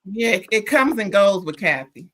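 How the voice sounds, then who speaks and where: A woman's voice: medium pitch, lively intonation, normal speed, a bit bright. A woman hosting a casual gossip chat, explaining background and asking follow-up questions. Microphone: remote call.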